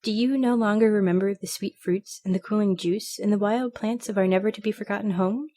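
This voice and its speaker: A woman's voice: mid-range voice, fairly even intonation, brisk, mellow, close to an everyday voice. Woman reading a wistful, poetic canary.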